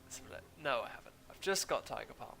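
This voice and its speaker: A man's voice: medium pitch, expressive, fast, gravelly, bright, forceful tone, a little hiss or hum. A young man chatting casually while streaming a game, in a rambling, droning way and sniffling from hay fever. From England. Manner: rambling, chatty, self-deprecating. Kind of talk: casual gaming stream commentary. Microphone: desk mic, muted now and then.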